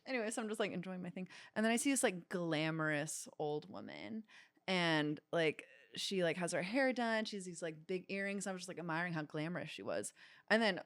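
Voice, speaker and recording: A woman co-hosting a comedy podcast, casually chatting and telling stories with lively acted-out quotes. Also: fairly low pitch, a little fast, dry recording. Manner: animated storyteller, acts out quotes. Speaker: podcast co-host. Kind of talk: casual chat.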